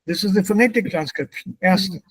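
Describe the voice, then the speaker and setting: A man's voice: high voice, a little fast, husky, dry recording. A man teaching a language class, explaining pronunciation patiently and switching between German and English. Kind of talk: classroom instruction.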